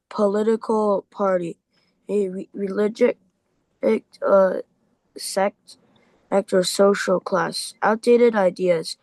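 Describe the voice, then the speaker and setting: Young man haltingly reading aloud. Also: sits high, darkish tone, dry recording, rough recording. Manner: hesitant, stumbling over hard words.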